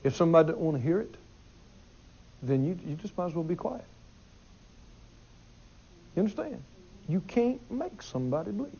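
A man's voice: on the high side, expressive, moderate pace, creaky, pauses often, warm tone, muffled recording, slight background noise. A man preaching a sermon in an emphatic way, repeating his phrases and putting questions to the congregation.

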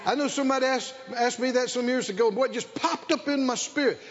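An older man preaching a sermon, calling for responses from the congregation and building to shouted emphasis on a dull lo-fi recording. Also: very high-pitched, brisk. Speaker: pastor.

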